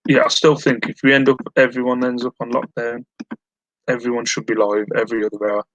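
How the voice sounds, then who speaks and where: Male live-streamer, mid pitch, rambling and self-mocking, answering chat at home, dry close sound. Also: flat delivery, brisk, fairly bright tone, no echo, muffled recording. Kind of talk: casual chat while reading live chat.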